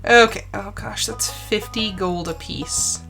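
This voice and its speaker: A woman's voice: medium pitch, takes it slowly, bright, forceful tone, faint music behind. A woman streamer commenting live on her farming game, exasperated and talking herself through setbacks. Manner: exasperated, talks to herself, self-soothing.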